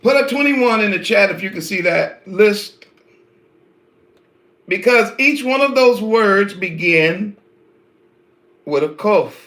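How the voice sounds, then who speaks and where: A man teaching an online scripture lesson, animated and preacher-like, talking straight to his viewers. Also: sits high, slow pace, long pauses, echoey room. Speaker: Bible teacher.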